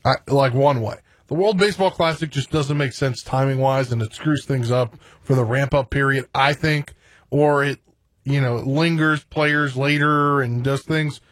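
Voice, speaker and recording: A man co-hosting a sports talk radio show, talking in a relaxed, offhand and opinionated way. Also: medium pitch, moderate pace, no echo.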